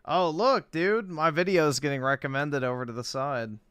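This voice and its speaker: A man's voice: a little high, normal speed, fairly bright tone, clear, resonant tone, dry recording, clean studio sound. A man hosting a reaction stream, mocking and sarcastic, who swears often. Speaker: streamer host.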